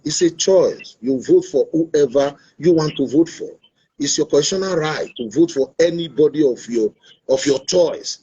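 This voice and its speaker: Husky Nigerian man lecturing on a stream. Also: on the high side, dark tone. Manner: earnest, preachy, repeats his points. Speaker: show host. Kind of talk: opinionated talk-show monologue. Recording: dull lo-fi online stream audio.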